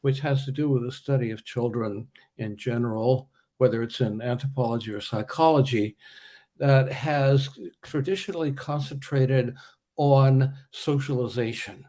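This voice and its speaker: An older man interviewing a guest in a relaxed, conversational way, with filler pauses. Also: mid-range voice.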